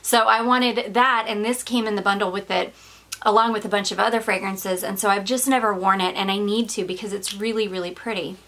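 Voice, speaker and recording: A woman's voice: medium pitch, steady tone, fairly quick, a bit bright. A woman with a mid-range voice chats her way through a perfume review, slightly out of breath. She gushes and rambles, full of "like" and "um" and small laughs. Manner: rambling, gushing, with frequent fillers and little laughs. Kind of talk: casual chatty vlog.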